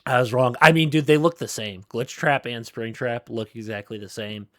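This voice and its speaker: A man's voice: medium pitch, moderate pace, fairly bright tone, dry recording. Rambling man in dry podcast chat. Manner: rambling, lots of "like" and restarts. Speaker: podcast co-host. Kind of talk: casual gaming podcast chat.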